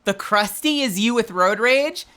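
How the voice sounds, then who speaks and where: A woman's voice: fairly high pitch, expressive, a little slow, a bit bright. A woman in her thirties chatting casually on a live stream, giggly and playful with lots of swearing. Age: 30s. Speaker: livestreamer.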